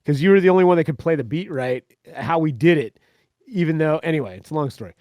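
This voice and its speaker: A man's voice: a little high, animated, quick pace, a little mellow, no echo, clean studio sound. A man, a guest on a podcast, telling stories in a wry, profane, casual way. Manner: wry storyteller, swearing. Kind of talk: casual chat.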